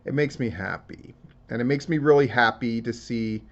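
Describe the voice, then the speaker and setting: A man's voice: mid-range voice, normal speed, muffled recording. A man giving casual solo commentary on wrestling news, talking in a profane, rambling and emotional way. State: tearing up.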